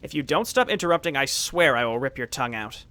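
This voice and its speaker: A man's voice: mid-range voice, animated, fast talker, pushed and bright, no echo. A man voicing a harsh, scornful traitor officer, reading the game text plainly. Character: treacherous human order officer, harsh and scornful.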